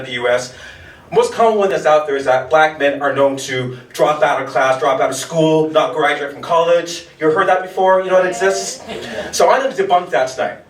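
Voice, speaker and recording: A man's voice: a little high, a bit bright. An American man in his thirties doing a stand-up set in a restaurant, loose and punchy with casual swearing. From United States. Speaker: stand-up comedian. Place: restaurant showcase stage. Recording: echoey room from far off, light noise.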